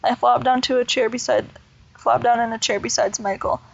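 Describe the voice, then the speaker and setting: A woman reading a children's novel aloud in a steady, plain way with small slips. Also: a little high, a little fast, creaky, muffled recording. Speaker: reader.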